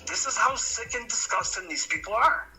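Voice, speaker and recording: Man on a played-back stream, accusing people, really sharp bright voice, high for a guy. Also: lively intonation, moderate pace, faint music behind, low-quality recording. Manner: accusatory, emphatic.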